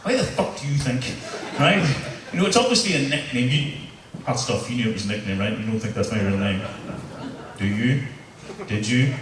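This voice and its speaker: A man's voice: lowish voice, lively intonation, a little fast, long pauses, heavy reverb, far from the mic, background noise. A man doing a stand-up comedy set, telling stories with punchlines, swearing and working the crowd.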